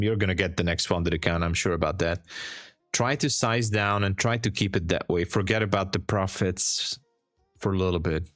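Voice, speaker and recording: A lower-voiced man talks loosely on a live trading stream, chatting with viewers and breaking into laughs. He restarts his sentences and gives steady, encouraging advice. Soft music plays faintly behind him. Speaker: trading livestream host. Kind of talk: casual live-stream chat answering viewers.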